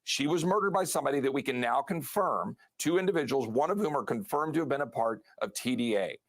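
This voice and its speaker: A man, a congressman, speaking in a televised interview with forceful campaign rhetoric. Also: mid-range voice, expressive, quick pace, dry recording.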